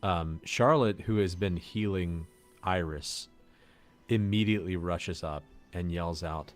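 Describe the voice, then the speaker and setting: A man with a very deep voice narrates a tabletop game, rambling through the scene with fillers as he goes. He sounds easygoing and loose as game master. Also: unhurried, faint music behind.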